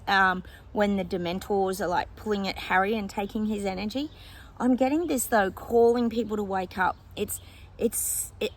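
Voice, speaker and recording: A woman psychic talking casually to her viewers, rambling and thinking aloud with lots of fillers and frequent laughs. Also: mid-range voice. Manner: laughs often. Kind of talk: casual predictions monologue to viewers.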